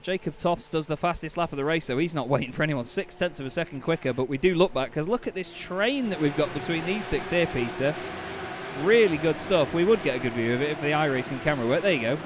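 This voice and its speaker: A young man commentating a sim race live, chatty and quick to laugh with his co-host. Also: on the high side, animated, noisy background. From Britain.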